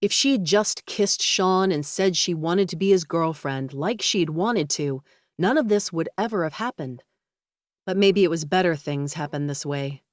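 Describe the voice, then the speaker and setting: A woman reads an audiobook as scripted narration, keeping her delivery even and measured. Her voice is lowish, and the clean studio recording has no echo.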